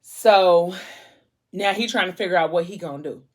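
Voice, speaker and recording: A woman with a somewhat low voice chats casually into her camera. She retells a novel's plot with lively storytelling energy. She also acts out the characters' lines as she goes. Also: normal speed. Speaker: vlogger. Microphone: camera mic.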